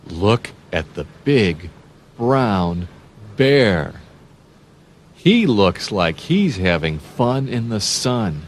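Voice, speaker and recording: A man hosting a children's read-along, talking slowly with sing-song emphasis and playful animal sounds. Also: fairly low pitch, big pitch swings, slight background noise. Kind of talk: slow, animated reading to young children.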